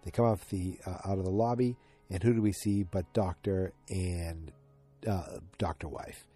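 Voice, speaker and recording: A man's voice: deep voice, fairly even intonation, moderate pace, mellow, slightly rough, soft background music. A sleepy, yawning man at home, casually rambling through a recap of a TV episode as a podcast host. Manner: rambling, chatty, full of asides. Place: at home in front of the TV.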